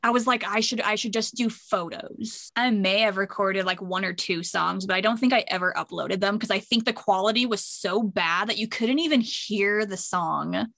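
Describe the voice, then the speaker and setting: A woman's voice: mid-range voice, moderate pace, gravelly, hardly any pauses, a bit bright, no echo. A woman co-hosting a fan podcast in casual chat, upbeat and encouraging in her replies. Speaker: podcast co-host.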